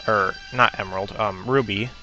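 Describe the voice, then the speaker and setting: A man's voice: fairly low pitch, steady tone, normal speed, bright, forceful tone, dull audio, soft background music. A man giving casual gameplay commentary, hesitant with lots of ums and self-corrections. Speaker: let's player.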